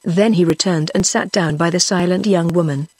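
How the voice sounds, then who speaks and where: A woman with a British English accent, narrating an audiobook in an even, measured reading voice. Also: lowish voice, breathy edge, no echo.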